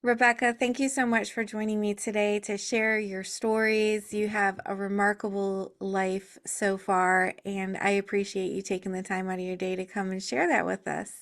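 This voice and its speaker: A woman's voice: medium pitch, flat delivery, moderate pace, few pauses, a bit bright. A woman hosting an interview, introducing her guest politely and graciously. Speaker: host.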